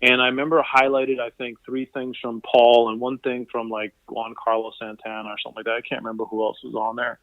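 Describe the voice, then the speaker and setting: A man, a physical therapist guest on an interview podcast, telling stories in an animated way and quoting people as he goes, heard over a call line. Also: medium pitch, brisk, hardly any pauses, dry recording. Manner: animated anecdotal storyteller, quotes people in voices. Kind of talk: conversational interview storytelling. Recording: tinny phone-line sound.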